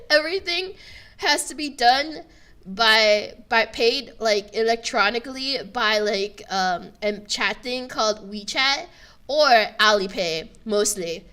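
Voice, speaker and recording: A young woman from Canada chatting casually on a livestream, giggly and full of fillers, often bursting into high laughter, in a room with a buzzing air conditioner. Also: a bit bright. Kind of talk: casual stream chat.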